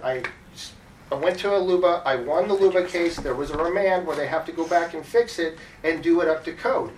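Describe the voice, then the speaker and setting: A man's voice: on the high side, fairly quick, recorded from a distance, slight background noise. A man giving public comment at a city meeting, rambling and repeating words as he restarts his sentences. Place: council chamber. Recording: echoey chamber heard from off-mic.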